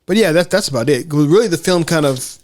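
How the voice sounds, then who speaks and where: A man hosting a casual film discussion podcast, animated, often acting out quotes in high voices. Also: brisk. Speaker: podcast host.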